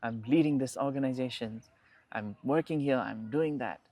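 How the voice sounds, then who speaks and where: A man's voice: mid-range voice, moderate pace, dark tone, dry recording, close to an everyday voice. A man voicing an eager, ambitious young man in a spoken story, asking pressing questions.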